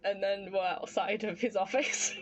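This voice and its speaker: A woman's voice: mid-range voice, normal speed, faint music behind. A woman streaming a video game live, reacting expressively to the story and chatting with her audience. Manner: expressive, reacting aloud, slips into baby talk with her pet. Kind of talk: live gameplay commentary.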